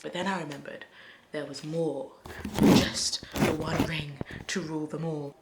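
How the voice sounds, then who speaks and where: Chatty woman book vlogger: excitable, a bit low-pitched, fond of whispered asides. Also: measured pace, slight background noise. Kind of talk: casual reading-reaction vlog.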